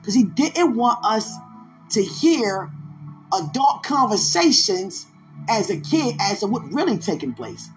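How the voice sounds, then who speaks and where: A woman's voice: medium pitch, big pitch swings, measured pace, soft background music. A woman podcast host telling a personal faith testimony in an emotional way, with pleading repetitions.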